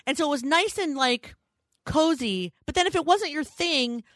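A woman in her thirties co-hosting a podcast, telling a rambling story in casual chat, full of "like" fillers and quick self-corrections. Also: sits high, lively intonation, a bit bright, no room sound. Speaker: podcast co-host.

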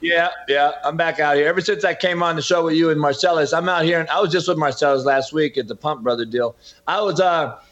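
A fired-up man holding forth as an interview guest, with a fairly high voice. He presses his points hard and emphatically, and the sound comes through dull and lo-fi. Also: fairly quick, fairly bright tone. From California. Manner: passionate, emphatic, preachy. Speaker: podcast host and former coach, guest. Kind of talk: heated interview talk.

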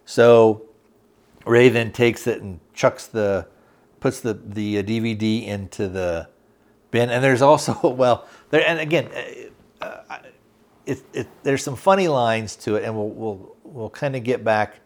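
Man, lowish voice, podcast host, rambling recap, lots of ums and restarts. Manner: rambling, halting, many fillers, acts out quotes loosely. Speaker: podcast host reviewing a TV series. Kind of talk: casual recap, plot retelling.

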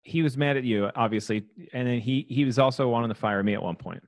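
A man's voice: mid-range voice, fast talker, no echo. A man co-hosting a comedy podcast, talking loosely and chattily and laughing often. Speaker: podcast co-host. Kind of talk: casual podcast chat.

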